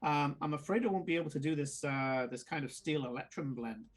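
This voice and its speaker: A man puts on a gruff old female dwarf blacksmith in a tabletop game. She is brusque and businesslike, and her voice sits slightly high. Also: brisk, natural voice. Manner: brusque, businesslike, calls others lad.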